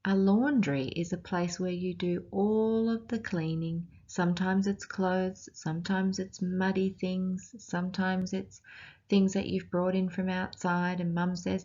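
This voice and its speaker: A woman's voice: on the low side, lo-fi sound. A woman with an Australian accent, teaching as she reads a picture book aloud to children and asks them questions along the way. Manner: slow, expressive, questioning children.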